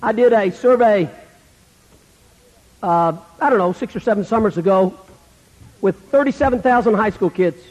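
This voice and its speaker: A man's voice: high-pitched, moderate pace, long pauses, darkish tone. A man preaching a sermon, with dramatic shifts that drop almost to a whisper when acting out the people he quotes. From American South. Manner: dramatic, acts out quoted voices, drops to near-whisper. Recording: long reverb of a hall.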